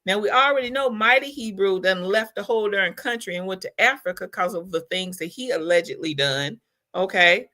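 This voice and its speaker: A woman's voice: medium pitch, fairly quick, pushed and bright. A woman host reacting to a video in casual commentary, incredulous and scolding.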